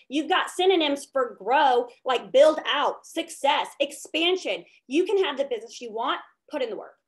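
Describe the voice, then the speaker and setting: A woman giving a motivational leadership talk over a video call, tagging her points with "okay?". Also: high voice. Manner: upbeat and preachy, tags lines with "okay?". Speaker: direct sales team leader.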